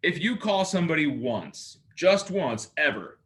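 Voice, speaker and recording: A male sales coach talks his class through phone habits in a bright, forceful voice. He is lively and playful, and he acts out both sides of the calls he describes. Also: on the high side, measured pace.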